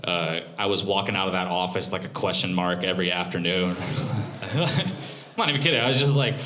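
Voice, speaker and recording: A man in his twenties performing a live stand-up set, animated and profane, mocking himself. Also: deep voice, brisk, slight background noise. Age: 20s. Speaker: stand-up comedian. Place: comedy club stage. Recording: roomy comedy club.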